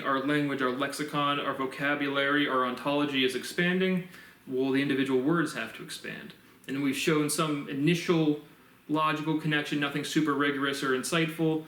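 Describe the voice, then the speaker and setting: A man's voice: mid-range voice, a bit bright, distant mic. Rambling man, roomy off-mic sound. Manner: meandering, restarts often, muses aloud with sound effects. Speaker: self-published theorist explaining his framework. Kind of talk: rambling solo monologue.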